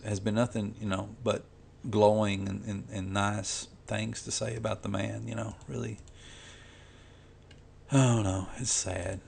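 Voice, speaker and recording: A man's voice: on the low side, creaky, a little mellow, a little hiss or hum. A man who makes comics, talking casually and rambling while he colors, with lots of "you know" and restarts. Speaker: comic artist vlogger.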